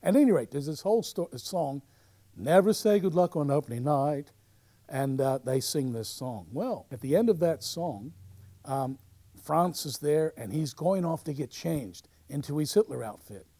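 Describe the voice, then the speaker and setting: Narrating show footage, a man who serves as historian for a local theatre society speaks in a fairly high voice. He rambles chattily, restarting and using many fillers, and turns lively during anecdotes.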